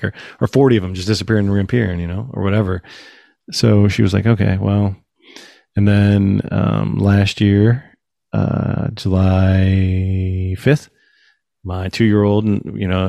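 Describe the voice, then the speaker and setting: Male host, casual, lively storyteller, fry in the voice, dry mic. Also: deep voice, no echo. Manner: animated storytelling, acts out quotes. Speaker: podcast host. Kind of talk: casual chat.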